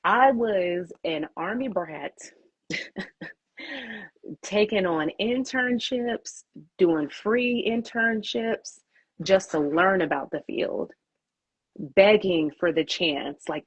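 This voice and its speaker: A woman's voice: medium pitch, expressive, very slow, pauses often, breathy edge, dry recording, low-quality recording. A woman who founded a PR agency, answering interview questions with candid storytelling and acting out her own inner thoughts.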